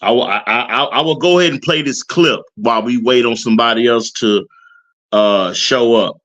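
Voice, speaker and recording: A man hosting a live stream, talking casually and haltingly with many fillers. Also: mid-range voice, fairly bright tone.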